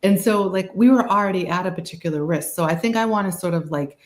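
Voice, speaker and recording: A woman's voice: on the low side, quick pace, reverberant. A woman with a Boston accent speaks as a guest in a webinar on a video call. She rambles casually and fills her talk with "like" and "you know.".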